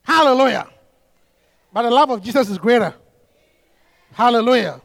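A man preaching a sermon to a congregation. He is animated, laughs often and rises to shouts. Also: extremely high pitch, normal speed, vocal fry, no room sound.

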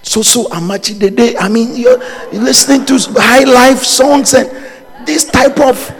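A man preaching a sermon as pastor, swinging from quiet low passages to loud, shouted lines, with jokes and laughter for the congregation. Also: moderate pace, big-room sound. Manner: animated, rising to shouts and dropping low.

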